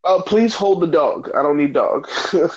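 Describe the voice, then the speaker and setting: An American man hosts a loose, joking chat about video games. His voice sits a bit high for a man and carries an upbeat, teasing energy despite the late hour. The audio is dull and lo-fi. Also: expressive, moderate pace, darkish tone, slightly rough. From United States. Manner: joking, hyped, tired late-night banter. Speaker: podcast host. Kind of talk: casual gaming chat.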